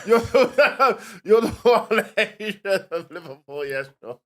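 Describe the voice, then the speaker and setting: A man's voice: high-pitched, sing-song, takes it slowly. A British man in his thirties co-hosting a casual comedy podcast, playful, laughing often and poking fun at himself. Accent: British English.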